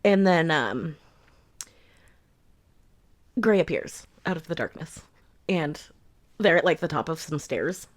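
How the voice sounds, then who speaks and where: A woman's voice: deep voice, expressive, slow pace, long pauses. A woman giving a casual rant-style book review, blunt, profane and sarcastic.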